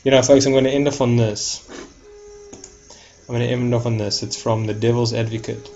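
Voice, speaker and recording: A man's voice: mid-range voice, level tone, brisk, mellow, dull audio. A man talking casually to his viewers, rambling, repeating words and restarting sentences. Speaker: vlogger.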